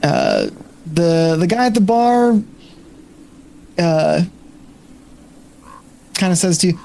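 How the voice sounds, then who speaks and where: Higher-voiced man running a tabletop game. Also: huge pitch swings, gravelly, darkish tone. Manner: casual, halting with fillers. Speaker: game master.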